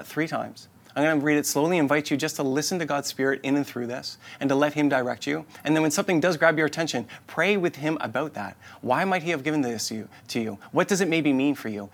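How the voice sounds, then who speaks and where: A man preaching as a pastor, earnest and inviting, often repeating himself for emphasis, and dropping to a soft voice to lead a prayer. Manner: earnest, repetitive, inviting phrasing; drops to a soft, low voice in prayer. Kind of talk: sermon.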